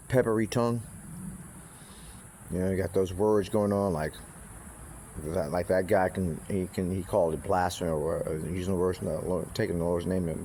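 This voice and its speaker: Casting: man, lowish voice, loose rambling delivery, swears freely, faint crickets behind. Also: dark tone, slight background noise. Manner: profane, meandering, with frequent restarts and asides. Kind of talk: rambling casual monologue.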